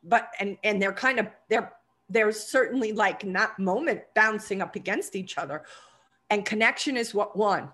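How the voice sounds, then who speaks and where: A woman's voice: mid-range voice, normal speed, fairly bright tone. A woman acting as a trading coach who asks encouraging, probing questions. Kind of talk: coaching conversation.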